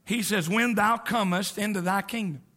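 A middle-aged man preaching a sermon as a visiting preacher, with whoops and shouts that drop to near whispers. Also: sits high, normal speed.

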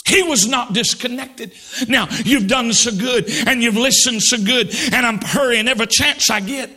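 A male pastor preaching a fervent sermon, swinging between shouted lines and hushed, drawn-out words. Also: very high voice. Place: church sanctuary.

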